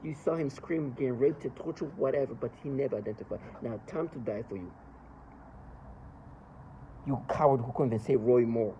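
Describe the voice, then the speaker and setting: A man's voice: medium pitch, moderate pace, long pauses, mellow, slight background noise, low-quality recording. A man in an agitated, accusatory, emotional rant, speaking as a monologue. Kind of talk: angry ranting monologue.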